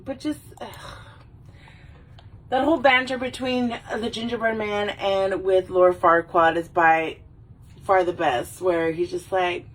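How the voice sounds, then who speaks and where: Tipsy husky woman rambling casually. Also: medium pitch, fairly even intonation, far from the mic, poor audio. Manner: rambling, swears a lot, does quick silly movie voices. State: a little drunk. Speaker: vlogger.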